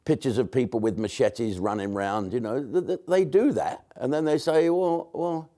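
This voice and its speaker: A man's voice: mid-range voice, moderate pace, mellow. An older English man, a comedian, delivering a blunt, rambling monologue to camera with frequent swearing and restarts. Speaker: comedian commentator.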